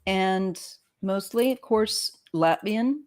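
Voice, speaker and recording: A woman's voice: mid-range voice, takes it slowly, darkish tone. A woman in casual conversation, reacting supportively and sharing her own stories. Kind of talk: casual chat.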